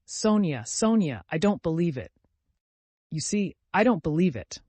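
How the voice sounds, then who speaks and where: A man voicing a desperate, consumptive mother who pleads and accuses in shrill, hoarse outbursts. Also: very animated, normal speed, no echo. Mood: desperate pleading.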